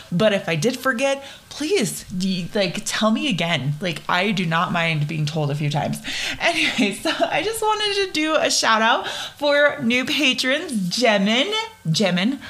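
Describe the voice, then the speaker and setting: A woman's voice: medium pitch, a bit bright. Chatty woman hosting a kids' podcast. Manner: chatty, gushing, with quick asides. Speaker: podcast host. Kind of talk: casual chat to young listeners.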